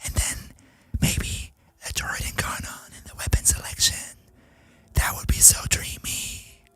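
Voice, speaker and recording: A man putting on a breathy ASMR whisper for a whispered role-play, hushing an excited esports commentary as a game streamer. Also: a little slow. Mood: hushed hype. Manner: hushed, playful hype.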